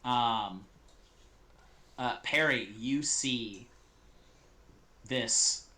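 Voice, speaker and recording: A man runs a tabletop game, narrating slowly with a bright, somewhat tense voice. He halts often, filling pauses with ums and restarting sentences as he describes the scene. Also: mid-range voice. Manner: halting, full of ums and restarts. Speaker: game master.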